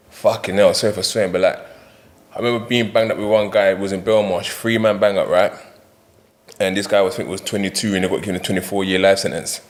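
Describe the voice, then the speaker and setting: A man talks fast in a fairly low voice. He tells stories with lively energy and acts out the voices of the people he quotes. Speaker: podcast guest. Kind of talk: casual chat.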